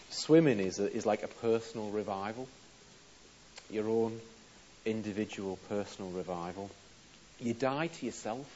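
A man preaching a sermon, telling stories and acting out dialogue, his volume climbing as he plays each part. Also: mid-range voice. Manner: animated, acts out dialogue with rising volume. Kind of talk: sermon storytelling. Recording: slightly dull with faint hiss.

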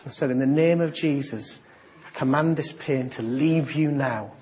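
A man preaching a sermon, telling a story and acting out the dialogue, with sudden bursts of excitement. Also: mid-range voice, normal speed, lo-fi sound.

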